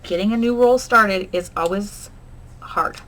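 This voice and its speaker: A woman's voice: mid-range voice, unhurried, bright, forceful tone. A woman hosting a crafting vlog, chatting casually and humming and muttering to herself as she works. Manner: chatty, hums and mutters to herself while working. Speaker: crafting channel host. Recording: noticeable background noise.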